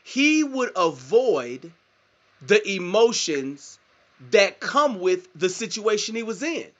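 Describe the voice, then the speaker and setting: A man hosting a podcast, talking in a quick, reflective way. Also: high voice, very animated, muffled recording. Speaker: podcast host. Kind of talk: casual podcast chat.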